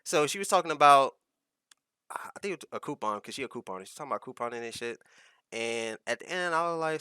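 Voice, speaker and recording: Bright, smooth-voiced young man rambling. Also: fairly high pitch, lively intonation, fast, no echo, studio quality. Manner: rambling, profane storytelling with many restarts. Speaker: podcast co-host. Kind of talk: casual podcast chat.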